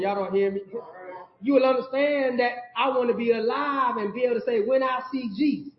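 High-voiced preacher in an echoey church. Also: male voice, fairly quick. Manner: preaching with call-and-response asides to the congregation; repetitive, emphatic phrasing. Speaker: pastor. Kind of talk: sermon. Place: church sanctuary. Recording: echoey church sound, dull audio.

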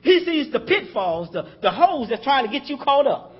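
A man's voice: extremely high pitch, very animated, normal speed, breathy edge, lo-fi sound. A man preaching a sermon in a conversational style, calling out to the congregation and chuckling as he talks.

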